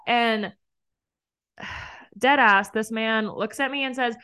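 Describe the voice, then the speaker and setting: A woman's voice: a little high, steady tone, moderate pace, pauses often, sharp tone, clean tone. A young woman hosting a podcast, telling a dating story in a chatty way, laughing often and acting out what was said. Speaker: podcast host. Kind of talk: casual storytelling.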